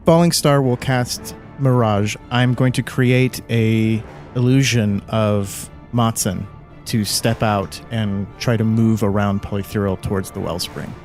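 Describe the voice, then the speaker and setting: Male player, low-pitched and measured, soft music behind. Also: fairly even intonation. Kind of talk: tabletop game play.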